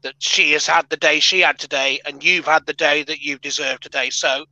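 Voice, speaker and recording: A British man chatting as a guest, effusive and full of jokes. His voice is high with a bright, forward edge. Dry, close sound. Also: steady tone, moderate pace, no echo, rough recording. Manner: effusive, jokey, congratulatory. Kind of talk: casual livestream chat.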